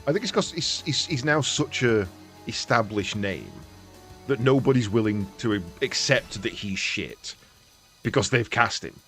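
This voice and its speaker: A man streaming a game, chatting casually with a lively, swinging voice. He swears freely and laughs a lot. Faint music plays behind him. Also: mid-range voice, unhurried. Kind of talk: casual chat while gaming.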